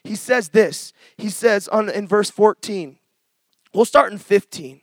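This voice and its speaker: A middle-aged man preaching a testimony sermon, telling his story with passion and bursts of shouting, then reading scripture slowly and softly. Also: high-pitched, dry recording.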